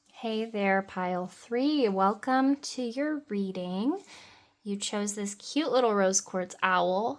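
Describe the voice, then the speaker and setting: Female tarot reader, young adult, enthusiastic and free-flowing, talking straight to the viewer. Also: medium pitch. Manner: dreamy, meandering, enthusiastic, with soft laughs. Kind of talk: pick-a-card tarot reading.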